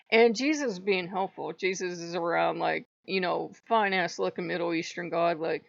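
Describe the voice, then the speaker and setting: A woman's voice: lowish voice, moderate pace, gravelly, few pauses, lo-fi sound. A woman hosting her own channel, telling a story in a blunt, profane, casual way with laughing asides. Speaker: channel host.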